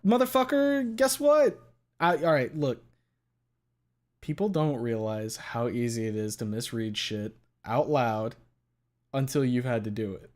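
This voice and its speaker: A man hosting a casual chat, joking and swearing freely in an animated way. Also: medium pitch, a little slow. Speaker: host.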